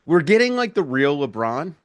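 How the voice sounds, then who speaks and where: Lively-voiced man co-hosting a podcast. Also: on the high side, dry recording. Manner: halting, lots of fillers and restarts, chuckling reactions. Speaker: podcast co-host. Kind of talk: casual sports chat.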